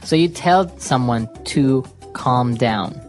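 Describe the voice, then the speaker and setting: A woman co-hosting an English-learning podcast, guiding the lesson in casual chat and backing her partner with steady "mm-hmm"s. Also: extremely low pitch, slow, soft background music. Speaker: podcast co-host and English teacher.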